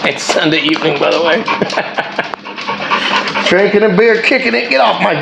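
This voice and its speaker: A man's voice: high-pitched, lively intonation, moderate pace, creaky, roomy sound, over music, poor audio. A man hosting a casual vlog in a house, laid-back and joking as he talks to dogs. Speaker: vlog host. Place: house, dog sitting.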